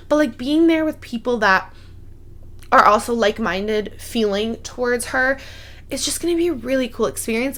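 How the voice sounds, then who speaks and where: A young woman in her twenties hosts a casual solo podcast, her slightly high voice jumping up when she gets excited. She talks in a gushing, chatty way, full of fillers and restarts. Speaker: podcast host.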